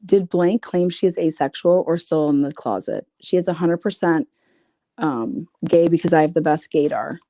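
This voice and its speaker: Low, gravelly woman reading out messages. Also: moderate pace, dark tone, dry recording, clean studio sound. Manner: profane, blunt, sarcastic. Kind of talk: casual commentary reading screenshots.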